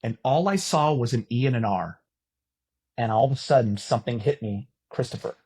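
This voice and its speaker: A middle-aged man from California on a podcast, telling a story in casual chat and getting loud at the punchlines. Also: mid-range voice, normal speed, breathy edge. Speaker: podcast co-host.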